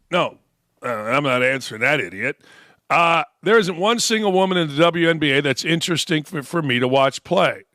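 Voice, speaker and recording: A man's voice: on the high side, sharp tone, dry recording, clean studio sound. A man hosting a sports talk show, giving blunt, sarcastic and mocking opinion commentary.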